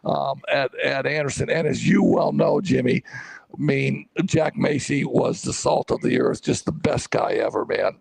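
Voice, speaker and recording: An older man telling a story in lively, restarting talk, as co-host of a coaching show. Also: mid-range voice, moderate pace, vocal fry, slightly rough, no room sound. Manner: animated storyteller, many restarts.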